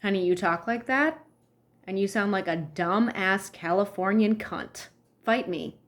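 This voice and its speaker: A woman's voice: mid-range voice, a little slow. A woman ranting bluntly in a vlog monologue, heated and full of profanity. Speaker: vlogger.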